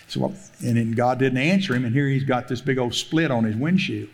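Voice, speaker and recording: A man's voice: medium pitch, fairly quick, gravelly, hardly any pauses. A middle-aged man, preaching a sermon and telling a story, laughing often and acting out the voices he quotes. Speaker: pastor.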